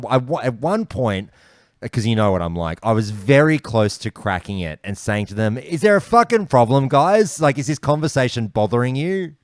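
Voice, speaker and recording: An Australian man hosting a podcast, telling stories in animated casual chat with plenty of swearing. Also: fairly low pitch, dry recording, studio quality. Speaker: podcast host.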